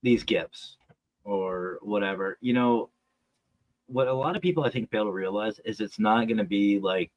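A man's voice: on the low side, a bit bright, low-quality recording. A man co-hosting a podcast, chatting casually and reflectively, asking rhetorical questions. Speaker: podcast co-host.

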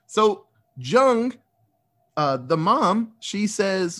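A man casually recapping a movie plot, animated and profane, acting out the characters' lines as he goes. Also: a little high, normal speed.

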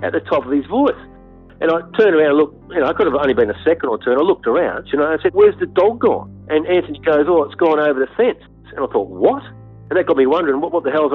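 An Australian hunter telling a story in an interview, blunt and animated, with frequent fillers. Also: male voice, mid-range voice, slightly rough. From Western Australia. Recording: tinny phone-like sound, faint music.

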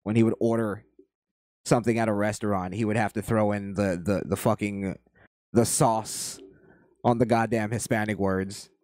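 A man casually commenting as he reacts to a video, with a rambling, halting, profane way of talking. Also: on the low side, fairly even intonation, a little mellow, no room sound, clean studio sound.

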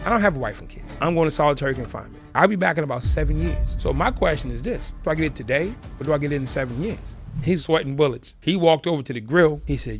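A middle-aged man with a gravelly, textured voice tells stories at a quick clip. His pitch jumps around a lot as he acts out the people in his stories, and he talks like someone recounting things in easy conversation. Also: lively intonation, faint music behind. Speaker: guest, former prisoner turned reform speaker. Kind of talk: animated storytelling in conversation.

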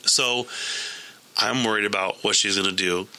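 A man's voice: lowish voice, steady tone, normal speed, pushed and bright, poor audio. A man casually recapping a TV episode, telling the story with energy and acting out characters' lines. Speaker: podcast host recapping a TV episode. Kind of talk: casual chat.

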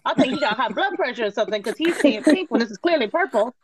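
A woman, a guest telling casual stories in an interview, animated and laughing, swearing and acting out quotes. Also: fairly high pitch, fast, slight background noise, low-quality recording. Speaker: guest, former cooking show contestant.

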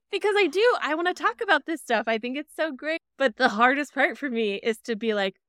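This woman chats on her podcast in a smooth, crisp voice, right up close to a dry mic with no room sound. She talks in a casual, self-deprecating way and laughs easily as she goes. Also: mid-range voice, fairly bright tone, dry recording. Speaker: podcast co-host and producer. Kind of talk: casual chat.

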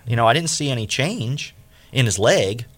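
A man hosting a faith radio interview, telling a story with lively acted-out quotes. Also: moderate pace. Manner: animated, acts out quoted speech with big pitch jumps. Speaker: radio show host.

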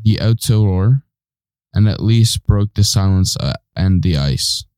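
A man's voice: fairly low pitch, lively intonation, slow pace, a little mellow, no room sound. A man co-hosting a show who gives short, clipped answers and stumbles through his explanations. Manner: terse, hesitant replies. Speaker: co-host. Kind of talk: casual studio banter.

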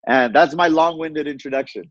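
A man tells his story with energy, tumbling through it quickly and doubling back on words. The sound is dull and lo-fi. The room gives no echo. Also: a little high. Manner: animated, fast, repeats words. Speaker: guest. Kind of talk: casual storytelling. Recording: dull lo-fi audio.

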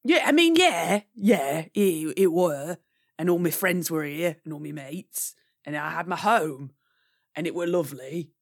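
A woman's voice: sits low, animated, unhurried, heavily acted. A woman voicing a streetwise male raven, a big brother with a Cockney accent, rambling and dropping "innit".

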